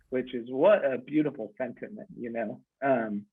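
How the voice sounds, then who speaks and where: A man telling frank, darkly comic personal stories in a halting way, with many fillers. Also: mid-range voice, husky. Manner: halting, lots of fillers, switches from frank to joking. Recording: tinny phone-line radio audio.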